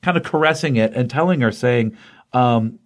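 Man, comic podcast co-host, casual chat, animated storytelling. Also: medium pitch, normal speed. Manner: animated retelling with acted quotes.

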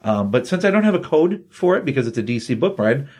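Animated man retelling a comic. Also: mid-range voice, quick pace, husky. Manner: animated retelling, acts out quotes. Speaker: comic book podcast co-host. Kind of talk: casual comic review chat.

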